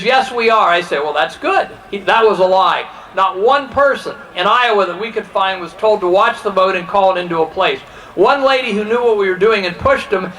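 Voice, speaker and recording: A man's voice: high-pitched, sharp tone, rough recording. A man from Ohio giving an impassioned political speech, heated, acting out the conversations he quotes. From Ohio, USA. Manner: heated, acts out quoted exchanges. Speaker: political speaker.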